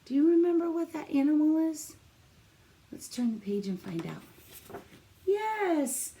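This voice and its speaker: A woman teacher reading a picture book aloud to young children, animated and encouraging as she asks them questions. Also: on the high side, moderate pace.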